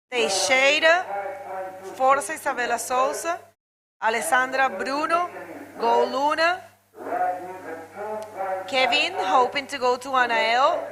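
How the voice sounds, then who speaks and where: A woman's voice: sits high, poor audio. A woman doing live bodyboarding commentary, chatting and greeting viewers. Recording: loud crowd behind.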